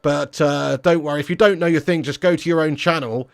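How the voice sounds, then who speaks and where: Excitable man streaming. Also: fairly high pitch, brisk, vocal fry. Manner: excitable banter, teasing viewers. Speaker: football fan channel streamer. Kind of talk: live stream chat, reading viewer comments.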